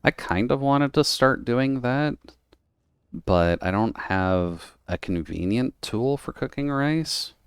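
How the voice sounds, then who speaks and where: A man's voice: mid-range voice, lively intonation, slow pace, smooth, dry recording, clean studio sound. A man streaming a game, chatting casually in a rambling way and laughing often. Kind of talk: casual chat while gaming.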